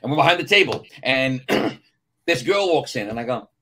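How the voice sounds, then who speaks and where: Man, New York accent, middle-aged, podcast guest, animated storyteller, mid pitch. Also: moderate pace, a little hiss or hum. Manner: animated storyteller, acts out voices in anecdotes. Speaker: guest actor. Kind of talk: casual podcast chat, storytelling.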